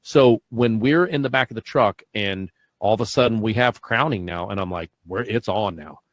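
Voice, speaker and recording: A man who is likely in his forties, a podcast host and first responder, tells stories in casual chat with a lowish voice at a moderate pace. He's an animated storyteller who acts out the quoted dialogue.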